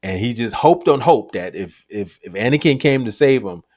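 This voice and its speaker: Animated male podcast co-host, expressive storyteller, dry close mic. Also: medium pitch, moderate pace, no room sound. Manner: animated storyteller, acts out quotes, laughs often. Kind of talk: casual chat about movies.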